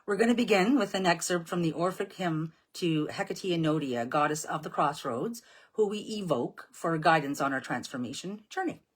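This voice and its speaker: A devotional leader from Nova Scotia, Canada, runs a live-streamed prayer session, solemnly reciting hymns and chatting casually with viewers. Her voice sits on the low side with a breathy edge, lively intonation and normal speed.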